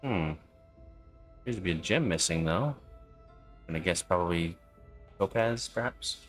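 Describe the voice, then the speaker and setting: A man streaming a game, casually reading its prompts and choices aloud in a relaxed way. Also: low voice, a little slow. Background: faint game music.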